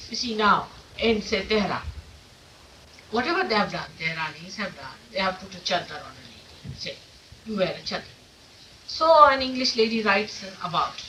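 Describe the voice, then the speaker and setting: A woman's voice: medium pitch, bright, forceful tone. A woman speaking as a spiritual teacher in an informal talk to followers. She is emphatic and asks many rhetorical questions. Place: meeting room of an ashram. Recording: distant mic with faint hiss, old 1979 tape.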